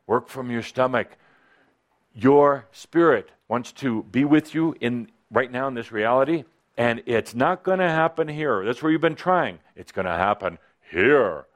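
A man coaching a live workshop audience, his voice swooping up and down with animated pitch. He speaks into a microphone and teases and coaxes the people in the room in a playful way. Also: unhurried. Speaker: workshop leader. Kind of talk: live seminar talk to an audience. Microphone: handheld or clip-on microphone.

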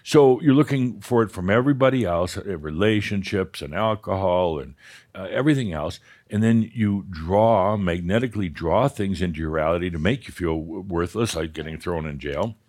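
A man with a lowish voice leads a live spiritual workshop, talking straight at a participant. He is blunt and profane, and he often breaks into laughter while coaching. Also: normal speed, darkish tone. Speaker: spiritual teacher leading a session. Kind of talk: live workshop talk with audience.

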